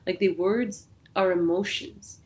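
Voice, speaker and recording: A woman from Canada chatting casually as a podcast guest, telling stories in a lively way. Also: on the low side, measured pace. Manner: chatty, animated storyteller. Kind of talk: casual chat.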